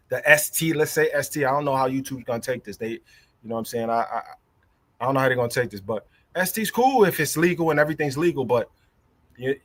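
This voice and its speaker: A man's voice: mid-range voice, fairly bright tone, no room sound. A young adult man, hosting a casual livestream and ranting in a heated, profane way that keeps repeating itself. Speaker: livestream host.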